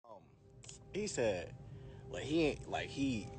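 A man's voice: mid-range voice, very animated, takes it slowly, a little mellow, faint music behind. A man on a livestream, drunk, rambling and swearing in casual chat. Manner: slurry, rambling, laughing and swearing.

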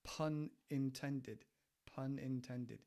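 A man hosting a casual English-learning podcast, rambling and animated, with lots of repeated words, recorded on a studio microphone. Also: medium pitch, drawn-out words. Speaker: podcast host. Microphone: studio microphone with headphones.

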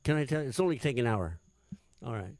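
A man's voice: medium pitch, expressive, quick pace. A man, a singer-songwriter, telling a story between songs in a rambling, hesitant way with many fillers.

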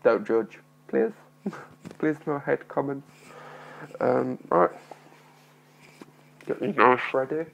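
A man's voice: mid-range voice, takes it slowly, vocal fry, long pauses, narrow, tinny audio. A nervous young man vlogging to his phone, rambling and apologetic, with a mild speech impediment. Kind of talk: casual talking-to-camera vlog.

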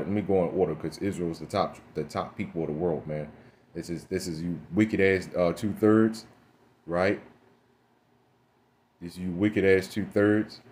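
A man's voice: low-pitched, darkish tone. A young man preaching a blunt, fiery monologue, cursing often and tagging his lines with "man" and "right?". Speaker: religious speaker.

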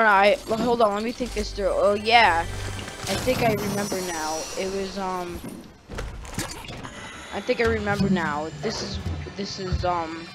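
A teenage boy telling a casual story-time tale, rambling and correcting himself often. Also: high voice. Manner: rambling, full of fillers and self-corrections.

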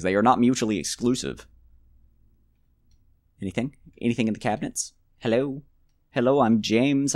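A fairly low-voiced man talks through his game in a loose, joking ramble. His voice swings widely up and down as he mutters to himself and bursts out in mock anger. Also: no room sound, studio quality. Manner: rambling, joking self-talk with mock outbursts. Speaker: let's play gamer. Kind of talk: casual gameplay commentary.

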